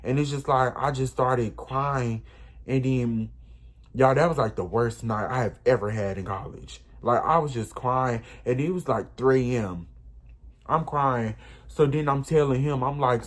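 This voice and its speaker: A man's voice: medium pitch, a little slow. Young man telling an emotional story. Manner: emotional, rambling retelling. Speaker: vlogger. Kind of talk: storytime vlog.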